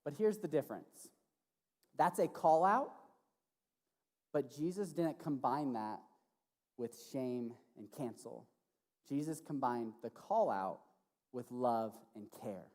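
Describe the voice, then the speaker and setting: Male youth pastor, casual sermon, animated, long hall reverb. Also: medium pitch, takes it slowly, pauses often. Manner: casual and animated, often asks "right?". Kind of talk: sermon to teenagers. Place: church hall.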